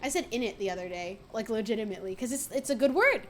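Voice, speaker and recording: A high-pitched American woman chatting casually on a gaming stream, playful and quick to laugh. She talks to viewers into a desk mic with a faint hiss underneath. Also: lively intonation. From United States.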